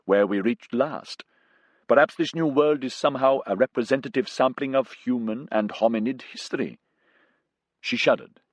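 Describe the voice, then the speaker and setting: A man narrating an audiobook with a husky voice, shifting his pitch for the characters. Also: no echo. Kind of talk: scripted narration.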